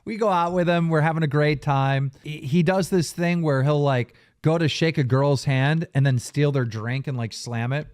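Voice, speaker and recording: Animated man telling stories on a podcast. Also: on the high side, normal speed, few pauses. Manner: animated, laughing often while telling stories. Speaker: podcast host. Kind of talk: casual storytelling.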